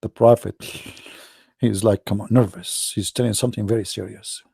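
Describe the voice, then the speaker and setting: A man giving mocking, sarcastic livestream commentary as a religious debate streamer, dropping into dramatic hushed asides. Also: fairly low pitch, fairly even intonation, moderate pace, vocal fry, husky.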